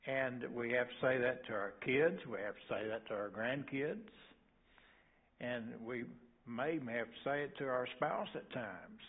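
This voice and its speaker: An older man preaching a sermon as pastor, halting and repeating words, with folksy asides. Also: mid-range voice. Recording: tinny phone-like sound.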